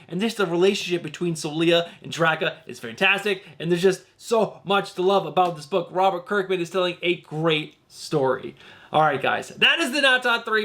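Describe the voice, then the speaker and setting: A man's voice: sits high, a bit bright. A man hosting a casual comic book vlog, talking to his viewers with gushing enthusiasm. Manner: addresses viewers as guys. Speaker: comic book channel host.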